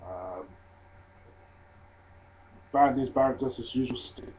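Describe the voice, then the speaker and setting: A man casually reviewing a wrestling show, swearing freely and ranting in loud disbelief. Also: mid-range voice, unhurried, pauses often. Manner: profane, ranting, gets loud and incredulous. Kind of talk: casual solo review vlog. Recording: tinny phone-like audio.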